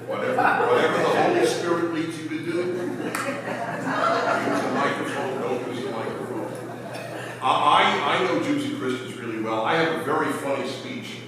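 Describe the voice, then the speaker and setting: A man giving a humorous lecture as guest speaker, telling jokes in an animated way. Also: medium pitch. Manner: joking storyteller, animated. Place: large hall with audience. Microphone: microphone, later unamplified. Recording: echoey hall with background noise.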